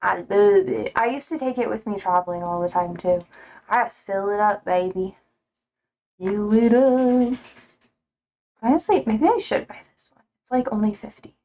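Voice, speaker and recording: A woman's voice: mid-range voice, lively intonation, fairly quick, gravelly, darkish tone. A young woman live streaming from home, chatting casually in a rambling, easygoing way, swearing offhandedly and laughing easily.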